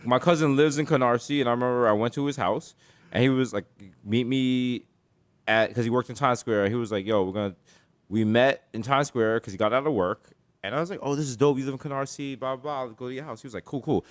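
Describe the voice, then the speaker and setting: A man's voice: medium pitch, quick pace. A man in his thirties with a New York accent, a podcast co-host telling funny stories and slipping into put-on voices. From the Bronx, New York. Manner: animated, swings into put-on voices for bits. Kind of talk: casual comedic storytelling.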